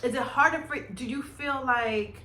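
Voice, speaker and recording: A woman in her forties co-hosting a casual chat show, animated and expressive as she talks about her grown son. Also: moderate pace, distant mic. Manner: animated, acts out worried-mom questions in a higher voice. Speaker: podcast co-host. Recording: echoey room, off-mic.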